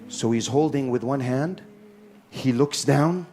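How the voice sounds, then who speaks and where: A man preaching a live sermon in an animated way, calling on the audience. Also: medium pitch, normal speed, soft background music.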